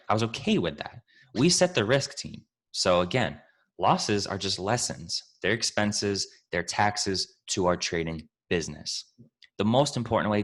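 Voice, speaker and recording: A man with a lowish, somewhat bright voice takes questions as a trading mentor in a casual Q&A. His energy is high and coach-like, laced with profanity, and he refers to listeners as his family and team.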